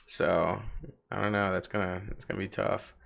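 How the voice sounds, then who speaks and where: Gravelly-voiced man, joking podcast chat. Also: low voice, flat delivery, moderate pace, fairly bright tone. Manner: joking, laughs often, trails off. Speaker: podcast co-host. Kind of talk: casual chat.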